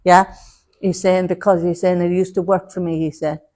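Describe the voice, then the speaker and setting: A woman's voice: fairly low pitch, level tone, moderate pace. A woman giving a mediumship demonstration to an audience, relaying messages in a chatty way and calling people love and darling. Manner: chatty, warm terms of address, relays messages in quotes. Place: spiritualist centre hall before an audience.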